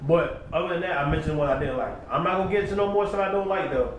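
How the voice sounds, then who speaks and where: A man's voice: fairly high pitch, very fast. A man giving a laid-back commentary recap, repeating his praise, at home by his computer. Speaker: battle rap reviewer. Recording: roomy echo, distant mic, faint background hum.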